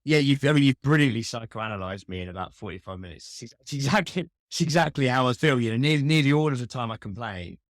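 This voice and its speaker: A customer experience expert appears as a podcast guest in a casual interview, telling wry stories that poke fun at himself. He talks fast with few pauses at a medium pitch, and the studio-quality recording has no room sound.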